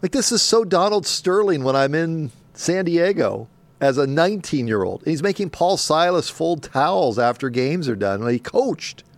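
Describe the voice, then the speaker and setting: A man's voice: a little high, moderate pace, no echo. A middle-aged man hosting a sports talk show, riffing casually with laughs and mocking voices. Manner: animated, laughing, mock voices for emphasis. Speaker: sports radio host.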